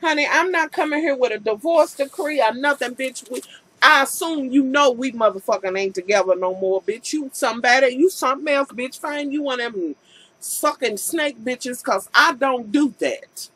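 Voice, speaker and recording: A woman's voice: high-pitched, expressive, normal speed, fairly bright tone, breathy edge, no echo, poor audio. A woman vlogger recapping a TV episode in a casual, profane rant, acting out scenes with incredulous commentary.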